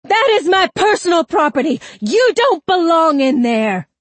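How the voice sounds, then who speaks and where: A woman voicing a raspy, desperate male ex-convict in an audiobook, switching between bluster and frantic begging. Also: lowish voice, animated, measured pace, warm tone, dry recording, exaggerated voice. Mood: panicked begging. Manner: pleading, screaming in panic. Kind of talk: audiobook character voice.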